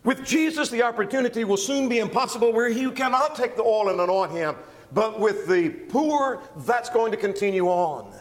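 A man preaching an expository sermon, walking through verses with emphatic, animated delivery. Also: high voice, normal speed, in a large hall. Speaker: pastor.

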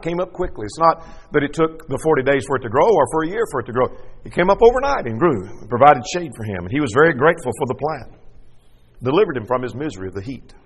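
A man preaching a sermon, reading scripture aloud and explaining it, rising into loud dramatic lines and falling to quiet asides. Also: husky, long reverb tail. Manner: expressive, acts out scripture with rising pitch and drops to quiet asides.

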